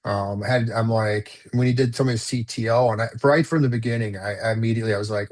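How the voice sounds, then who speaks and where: A man's voice: on the low side, steady tone, a little fast, few pauses. A man telling a personal story as a guest in a casual conversation, rambling with lots of fillers and restarts. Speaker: podcast guest.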